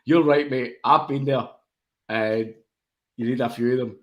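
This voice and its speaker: A man's voice: mid-range voice, fairly even intonation, a little slow, muffled recording. A tipsy Scottish man co-hosting a casual fan podcast, boisterous and sweary, laughing a lot. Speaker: podcast co-host.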